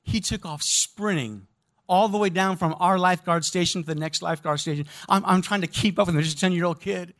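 High-voiced animated preacher. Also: male voice, fairly quick. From American Midwest. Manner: storytelling, animated, addresses congregation directly. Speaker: pastor. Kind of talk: sermon.

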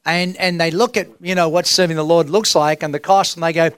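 A man's voice: fairly high pitch, steady tone, brisk, hardly any pauses, a bit bright, clean tone, dry recording. A middle-aged man preaching a sermon as senior pastor, emphatic and drawn out, asking the crowd rhetorical questions. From Australia.

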